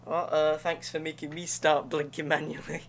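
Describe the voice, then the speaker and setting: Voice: mid-range voice, flat delivery, normal speed, vocal fry, a little hiss or hum. A young adult streamer giving casual, slangy commentary to viewers while playing a game. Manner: slangy, chatty, talks to viewers between attempts. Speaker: gaming streamer.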